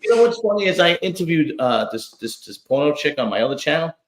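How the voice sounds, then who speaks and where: A man's voice: a little high, big pitch swings, fast, echoey room, a little hiss or hum. Stammering casual male podcast host. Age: 40s. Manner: rambling, stammers and restarts often. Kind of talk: casual chat.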